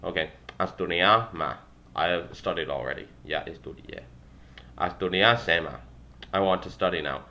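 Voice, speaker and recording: A young man reading a language textbook aloud, working through phrases with halting restarts and wry asides. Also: deep voice, bright, forceful tone. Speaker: language learner vlogger.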